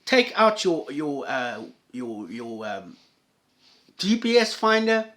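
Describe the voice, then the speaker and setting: A man with a fairly high voice delivers an angry, profanity-laced commentary. He swings between loud outbursts and low, sarcastic muttering. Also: very animated, slow pace. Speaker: commentator reacting to videos.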